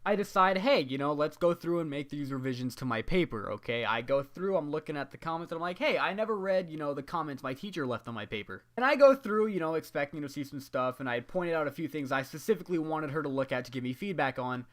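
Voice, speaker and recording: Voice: medium pitch, lively intonation, fast talker, hardly any pauses. Exasperated young adult student ranting. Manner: exasperated, profane, heavy on "you know" fillers. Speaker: student venting about a graded paper. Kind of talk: ranting vlog monologue.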